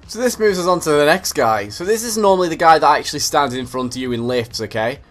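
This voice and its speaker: A man's voice: fairly high pitch, quick pace, hardly any pauses, soft background music. Sweary young man ranting. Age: young adult. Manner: animated, sweary, acts out scenes. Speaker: comedy vlogger. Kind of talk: comedic rant to camera.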